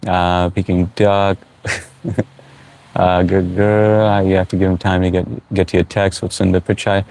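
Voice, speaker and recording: رجل بصوت عميق جدا يدردش في بث مباشر. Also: male voice, deep voice, a little slow. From United States. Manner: relaxed, reads out chat comments, frequent uh fillers. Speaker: livestream host. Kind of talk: casual live chat.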